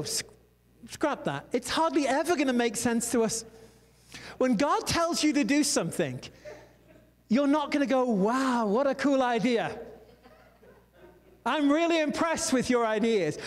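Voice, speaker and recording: A man preaching a sermon in a conversational, storytelling way, full of asides. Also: very high-pitched. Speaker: pastor. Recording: long hall reverb.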